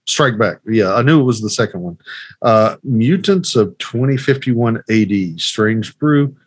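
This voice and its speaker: A man's voice: medium pitch, lively intonation, unhurried, breathy edge, no room sound. A man co-hosting a casual movie podcast, running through lists with lots of ums and restarts. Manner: rambling, filler-heavy list reading. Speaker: podcast co-host.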